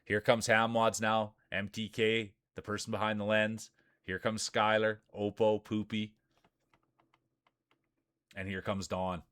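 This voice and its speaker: A man's voice: on the low side, level tone, unhurried, long pauses, a bit bright, clear, resonant tone, dry recording. A man streaming live, commentating marble races in a chatty way and greeting viewers by name. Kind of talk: play-by-play commentary.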